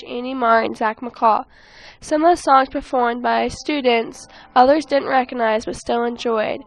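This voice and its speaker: A high-voiced teenage girl reports on a school event for the student news. She reads earnestly from a script, and a few phrases come out a little halting. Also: fairly even intonation, rough recording. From Ohio.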